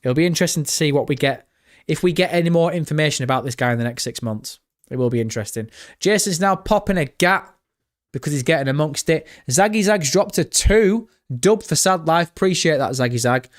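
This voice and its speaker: A young British man live-streaming, chatting excitedly with his viewers and swearing freely. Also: a little high, a little fast. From Britain. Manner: excitable, swears often, chats directly to viewers. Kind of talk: casual live-stream chat.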